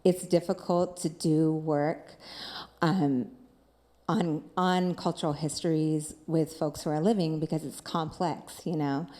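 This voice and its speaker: Low-voiced reflective woman on a panel. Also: fairly even intonation, warm tone. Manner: reflective, halting, thinks aloud with many fillers. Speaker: panelist and dance scholar. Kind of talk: panel discussion.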